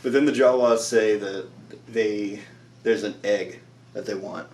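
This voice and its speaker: A man's voice: fairly low pitch, fairly even intonation, unhurried, darkish tone, roomy sound, recorded from a distance. A tired man recapping a show episode in a loose, rambling way, with lots of "like" and frequent laughs.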